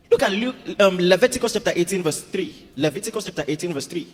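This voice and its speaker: A man preaching a sermon as a pastor, animated and humorous. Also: high-pitched, fast, few pauses, slightly rough. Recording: reverberant hall with music behind.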